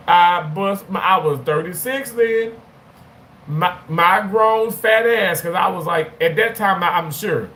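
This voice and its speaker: A man in his thirties telling a personal story to camera in a casual, animated way, often repeating and restarting his words. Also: sits high, unhurried. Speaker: vlogger.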